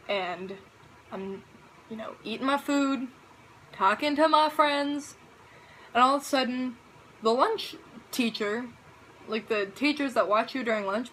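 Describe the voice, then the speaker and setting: A teenage girl telling a story to her camera in a casual, animated, dramatic way. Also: a little high, a little hiss or hum, poor audio. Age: teens. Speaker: vlogger.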